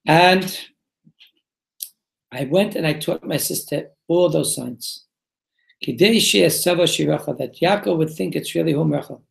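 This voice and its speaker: Man teaching a torah class, gravelly voice, asks the room questions and answers them himself, echoey. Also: fairly high pitch, unhurried, long pauses. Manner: reads Hebrew text, then explains it in English. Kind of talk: Torah class before a live group.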